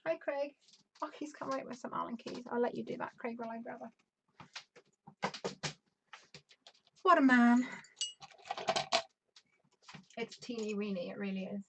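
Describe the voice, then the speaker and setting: A Northern Irish woman in her thirties with a slightly high voice and a softened, fairly neutral accent. She chats through a live crafting stream, greets viewers and reads out their comments, laughing easily. A faint hiss sits underneath the recording. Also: fairly even intonation, normal speed, vocal fry, long pauses. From Northern Ireland. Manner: chatty and upbeat, laughs often, thinks aloud while measuring. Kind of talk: casual live-stream chat, reading viewer comments aloud.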